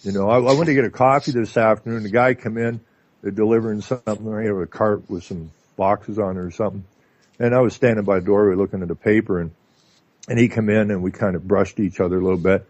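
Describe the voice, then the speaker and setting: A Canadian man with a fairly low, dry voice tells stories on a call-in radio show. He talks in an animated way and fills his pauses with "uh" and "you know." The line sounds dull and lo-fi. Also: no room sound. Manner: animated storytelling with filler words. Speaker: guest. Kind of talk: casual radio talk.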